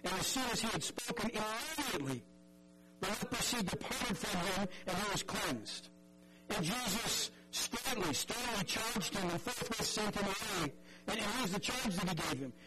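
High-voiced preacher over loud music. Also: male voice, lively intonation, moderate pace, rough recording. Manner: earnest, conversational, repeats words, acts out voices. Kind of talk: sermon.

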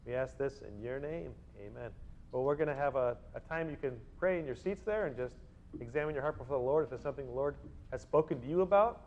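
A man's voice: fairly high pitch, fast, darkish tone, slight background noise. A man preaching a sermon as pastor, acting out little voices in his stories. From Northern California. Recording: dull lo-fi sound.

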